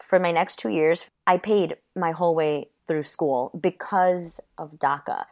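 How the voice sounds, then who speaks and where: A woman's voice: on the low side, measured pace, a little mellow. A woman who was born in Ecuador and raised in New York, telling her life story as an interview guest. She speaks earnestly and fills her talk with "you know" and "like.".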